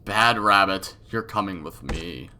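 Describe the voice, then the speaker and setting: A man's voice: deep voice, a little slow, noisy background. A man with a cold voicing a creepy, menacing young male villain in a game reading, with sinister laughs. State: has a cold.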